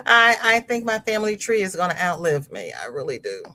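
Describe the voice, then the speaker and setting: A woman's voice: fairly low pitch, sharp tone. A woman hosting a crochet livestream, chatting casually as she reads viewer comments aloud, laughing often and repeating words as she goes. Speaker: livestream host. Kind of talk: casual live chat reading comments.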